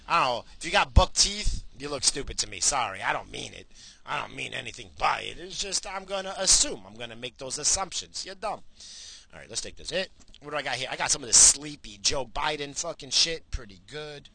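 Lively, bright-voiced man ranting while driving. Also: medium pitch, moderate pace, vocal fry, low-quality recording. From United States. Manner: animated, swearing, self-mocking. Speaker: vlogger. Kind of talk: casual profane rant.

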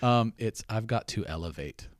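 A man's voice: on the low side, lively intonation, normal speed, no room sound. A middle-aged man hosting a podcast in a studio, chatty and self-deprecating, with lots of fillers and restarts. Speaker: podcast host. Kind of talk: casual podcast chat.

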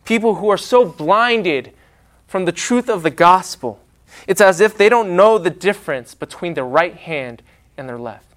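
A man preaching a sermon, with a dramatic, emphatic delivery and pauses. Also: high-pitched, animated, fairly bright tone.

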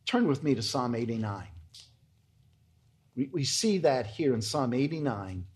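A man's voice: mid-range voice, sing-song, measured pace. A man preaching an earnest, emphatic expository sermon to his congregation as its pastor. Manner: earnest, emphatic, addresses listeners as folks.

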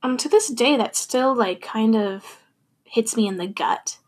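A woman's voice: a little high, unhurried, a little mellow. A young adult woman talking candidly and thoughtfully about her feelings in a personal monologue, laughing now and then.

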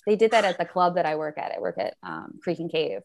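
A woman's voice: lowish voice, big pitch swings, fast talker. A woman comedian hosting a casual chat, asking curious questions and laughing easily. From Maryland. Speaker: comedian host.

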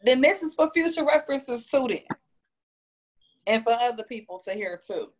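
A woman's voice: fairly high pitch, lively intonation, normal speed, a little hiss or hum. A woman guest on a podcast talking in a blunt, teasing way and pressing hard for yes-or-no answers. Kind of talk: casual podcast debate.

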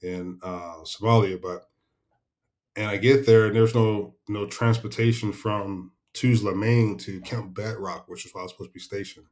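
Low-voiced middle-aged man telling war stories. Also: fairly even intonation, normal speed, darkish tone. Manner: laid-back, chuckling, salty war-story telling. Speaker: podcast guest, retired senior military leader. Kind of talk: casual storytelling interview.

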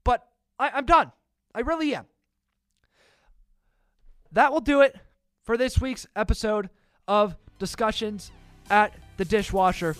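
A man hosting his own sports podcast alone, ranting in an exasperated way with sudden loud outbursts. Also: high voice, a little slow, long pauses, clear, resonant tone, no echo, clean studio sound, soft background music. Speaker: podcast host. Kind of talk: solo sports opinion podcast.

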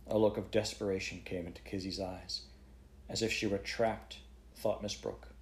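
A man reading a children's book aloud to a child at bedtime in a steady, expressive way. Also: deep voice, moderate pace, slight background noise.

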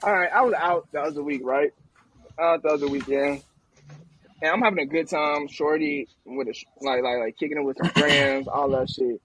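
A man co-hosting a podcast, telling a story in a loud, animated, profane way during a casual group chat. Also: a little high, moderate pace, slight background noise, poor audio. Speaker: podcast co-host.

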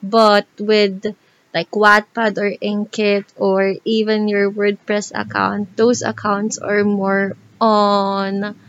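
A woman co-hosting an easygoing podcast chat, patiently walking through her points and scattering "like" through her sentences. Her voice is mid-pitched, and the recording has a dull, lo-fi quality. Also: monotone, slow pace. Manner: explanatory, filled with "like". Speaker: co-host.

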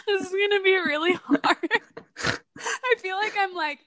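A woman's voice: extremely high pitch, a little slow, bright, forceful tone, no echo. A woman co-hosting a podcast in casual chat, giggly and saying "like" constantly. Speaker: podcast co-host.

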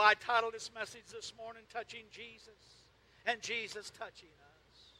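Male pastor, very high, piercing bright tone, sermon delivery with frequent "uh" and "amen". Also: poor audio. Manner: preaching with frequent "uh" and "amen", rising to loud fervent peaks.

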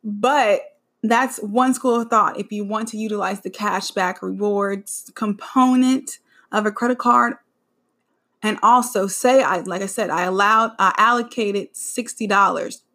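A woman's voice: medium pitch, steady tone, unhurried, sharp tone. A woman hosting her own podcast, talking casually and rambling with frequent self-corrections. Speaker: podcast host. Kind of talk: casual solo podcast chat.

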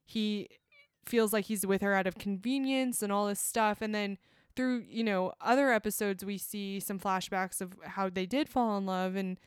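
A woman's voice: mid-range voice, steady tone, moderate pace, clean tone, no room sound, studio quality. A young woman in casual chat, reflecting on a TV drama in a thoughtful way, with many fillers.

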